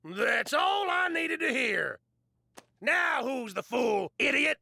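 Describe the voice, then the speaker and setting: A raging, gravelly cartoon cowboy. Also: male voice, extremely high pitch, sing-song, takes it slowly, no room sound, clean studio sound, full character voice. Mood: furious. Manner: shouting, furious. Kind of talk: cartoon voice acting.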